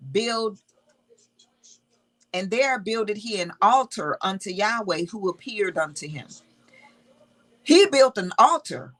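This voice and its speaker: Slow, bright-voiced woman teaching scripture. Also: mid-range voice, low-quality recording. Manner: emphatic, repeats key words, reads scripture aloud. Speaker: Bible teacher. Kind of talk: informal Bible teaching.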